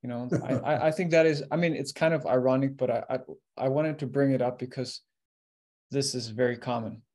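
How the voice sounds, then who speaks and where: A man's voice: medium pitch, steady tone, fairly quick, a little mellow. A man hosting an interview, asking questions in a hesitant way, searching for his words. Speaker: interview host. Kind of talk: conversational interview.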